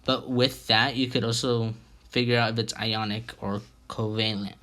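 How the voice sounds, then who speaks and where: A young man giving a casual, halting chemistry explainer as a student presenter, with fillers and restarts. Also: mid-range voice, fairly even intonation, sharp tone.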